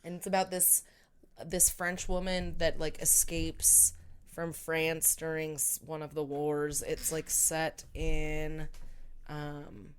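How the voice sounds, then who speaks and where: A woman's voice: sits low, level tone, slow pace, slight background noise. A young woman co-hosting a podcast in casual chat, rambling with lots of "like" and swearing. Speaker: podcast co-host.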